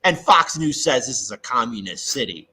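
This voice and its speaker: A man from Chicago talking through local politics in a casual, halting way, with many fillers and restarts. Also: medium pitch, very animated, sharp tone, husky, low-quality recording. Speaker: guest commentator. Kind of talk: casual political talk over a call.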